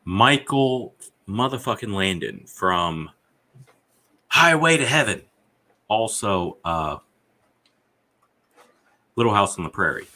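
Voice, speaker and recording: A man's voice: on the low side, very animated, slow, long pauses, bright, forceful tone. A man hosting a casual podcast, rambling and swearing freely as he trades trivia with his co-host. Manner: rambling, profane, reads out chat messages.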